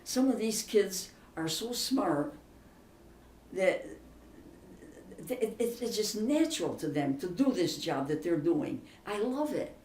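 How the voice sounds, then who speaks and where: A woman's voice: medium pitch, lively intonation, slow, a little mellow. Older woman telling family stories, roomy. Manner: chatty, emphatic, laughs through her stories. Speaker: interviewee. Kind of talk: casual storytelling interview. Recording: roomy, distant mic, faint background hiss.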